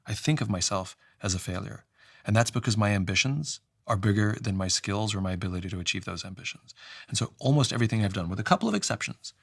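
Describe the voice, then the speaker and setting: A man talking through a story in a conversation, reflective, restarting often and letting his sentences trail off low. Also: quick pace, vocal fry, no echo, studio quality.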